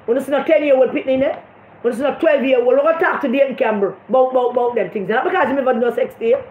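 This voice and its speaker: A high-voiced Jamaican woman rants about local politics in a blunt, mocking way, dropping into patois. Her voice rings around a roomy space, and the recording sounds slightly dull. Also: very fast, slight background noise. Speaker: political commentator. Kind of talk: casual political commentary vlog.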